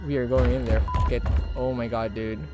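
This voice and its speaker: A young Filipino woman with a hoarse voice, loudly reacting and swearing as she plays a horror game live, mixing Tagalog into her English. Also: rumbling low, steady tone, normal speed, music in the background. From Philippines. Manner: loud, jumpy, swears often, mixes Tagalog into English. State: hoarse from shouting. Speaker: streamer.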